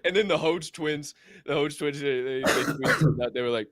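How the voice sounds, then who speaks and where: A man co-hosting a podcast, talking casually in animated slang and laughing between phrases. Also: a little high, brisk, dry recording, clean studio sound. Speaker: podcast co-host. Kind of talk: casual chat.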